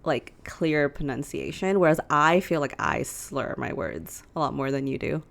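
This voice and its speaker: A young woman talks casually as a podcast co-host, her voice sitting low for a woman. She is chatty and laughs often, recorded in a small living room. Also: animated, moderate pace, gravelly, a bit bright. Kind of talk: casual chat.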